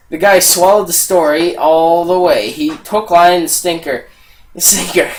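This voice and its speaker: A man co-hosting a podcast, telling tech-support jokes in an animated way and shouting the customers' lines. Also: mid-range voice, slight background noise, poor audio. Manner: animated joke-telling with loud put-on customer voices. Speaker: podcast co-host. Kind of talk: casual podcast chat, reading tech jokes aloud.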